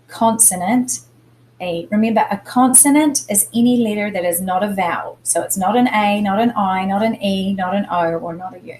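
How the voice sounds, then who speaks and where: A woman teacher of middle age walks students through a spelling lesson at a calm, patient pace. She explains step by step and leans on the stressed syllables. A faint hiss of noise sits under her voice. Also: medium pitch, rough recording.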